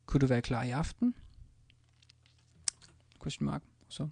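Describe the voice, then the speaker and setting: A man's voice: medium pitch, a little slow, creaky, dark tone, husky, no room sound. A man teaching a language in a casual screencast, hesitant, with many ums and restarts as he types examples. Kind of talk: screencast lesson, typing examples.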